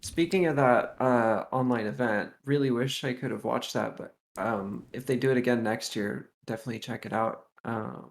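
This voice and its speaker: A man's voice: mid-range voice, moderate pace, creaky, few pauses. A man guest on a casual podcast, talking in a laid-back way and trailing off.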